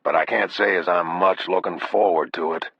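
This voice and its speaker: A man voicing a weathered older Texas sheriff with a slow, laconic drawl, calm and grim, in an audiobook reading. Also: deep voice, gravelly, slightly rough, no room sound, exaggerated voice. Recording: dull, dry lo-fi audio.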